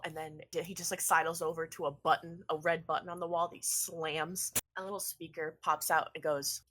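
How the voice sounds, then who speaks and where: A woman's voice: fairly low pitch, fairly even intonation, normal speed, bright, forceful tone, husky. A woman narrating a tabletop game as game master, in a rambling, playful way.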